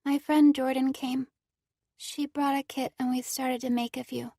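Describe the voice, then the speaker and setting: A withdrawn young girl recovering from injuries, her words a little slurred and soft, as a woman puts her on. She answers in short, guarded phrases in a storybook reading, her voice with a light gravelly grain. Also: high voice, level tone, measured pace, dry recording, studio quality, pitched above the performer's own voice. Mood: subdued. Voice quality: slightly slurred speech. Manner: quiet, guarded.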